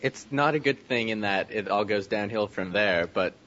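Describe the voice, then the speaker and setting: A man guesting on a casual gaming podcast, speaking in a measured, thoughtful way. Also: lowish voice, a bit bright. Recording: dull lo-fi sound, faint noise.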